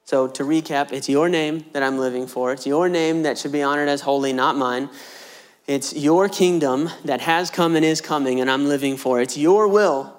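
A man's voice: fairly high pitch, moderate pace, clear, resonant tone. A man preaching a conversational sermon, asking rhetorical questions and explaining scripture in plain, everyday words. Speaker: pastor.

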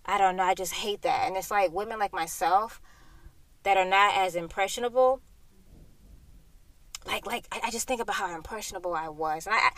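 A woman's voice: medium pitch, normal speed, pauses often, a bit bright, no room sound. A young woman from Florida hosting a solo podcast, talking bluntly and heatedly with lots of swearing, recorded inside a parked car. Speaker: podcast host.

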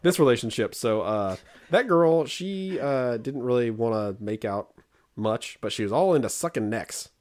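Man in his thirties, podcast co-host, casual comedic chat, animated storytelling, acts out quotes. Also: medium pitch, moderate pace.

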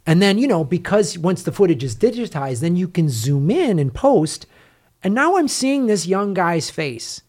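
Animated man retelling a film story. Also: high voice, normal speed. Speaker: podcast host. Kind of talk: casual film review chat.

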